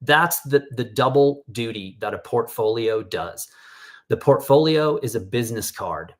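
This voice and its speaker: A man's voice: medium pitch, lively intonation, a little slow. Casual middle-aged man storytelling. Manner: casual storytelling, acts out quoted voices. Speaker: workshop host. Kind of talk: online workshop presentation. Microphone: video call.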